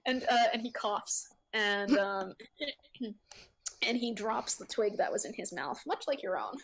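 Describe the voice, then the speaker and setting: A woman narrates a tabletop game as its game master, rambling with lots of ums and frequent giggles. Her medium-pitched voice is unhurried, with a little hiss or hum in the recording.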